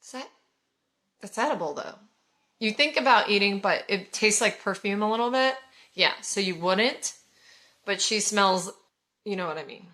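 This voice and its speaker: A woman in her forties from California chats casually to her viewers, gushing as she reviews scented products. Her voice is bright and forward at a middle pitch. She talks in an effusive, conversational way. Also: expressive, moderate pace, long pauses. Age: 40s. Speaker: haul vlogger.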